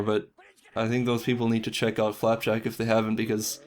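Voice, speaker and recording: Rambling young man with a flat voice. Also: fairly low pitch, normal speed. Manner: rambling and self-deprecating, with casual swearing. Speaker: animator interviewee. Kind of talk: casual interview monologue.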